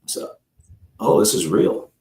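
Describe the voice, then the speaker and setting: A man's voice: takes it slowly, dark tone. A man who is a guest on a live talk show, telling a long personal story in a rambling way, acting out the people in it and often addressing the host by name. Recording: roomy echo.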